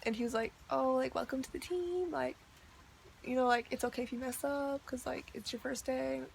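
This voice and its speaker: A woman's voice: high voice, fairly even intonation, moderate pace, creaky, a little hiss or hum. A young woman ranting in a video diary, chatty and exasperated, with lots of "like". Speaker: vlogger.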